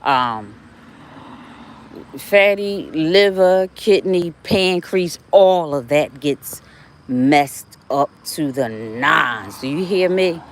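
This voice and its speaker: Older lady chatting on her walk, phone mic, faint crickets and traffic behind. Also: low voice. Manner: chatty, animated, talks to viewers. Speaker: vlogger. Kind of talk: casual walking vlog. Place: outdoors on a neighborhood walk. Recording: faint outdoor noise.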